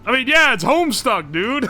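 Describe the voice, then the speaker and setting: High bouncy-voiced guy streaming, reading chat out loud and cracking up, faint music playing behind him. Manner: laughing, joking, profane, reacting to chat. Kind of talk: casual live-stream chat. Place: home streaming setup.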